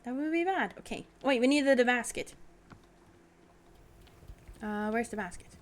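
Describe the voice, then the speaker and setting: A woman's voice: on the high side, expressive, a little slow. A woman whose first language is Swedish, chatting playfully with her audience while streaming a game, giggling often. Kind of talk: casual game-stream chat.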